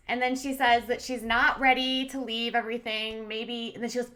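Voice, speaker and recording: A woman's voice: a little high, flat delivery, normal speed, few pauses, sharp tone. A woman hosting a commentary channel, recapping a reality show in a chatty, sarcastic way with plenty of fillers.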